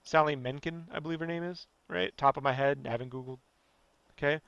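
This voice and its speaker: A man ranting casually and profanely on a podcast, animated and fired up. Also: fairly high pitch, a little fast, smooth, dry recording, muffled recording. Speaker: podcast guest.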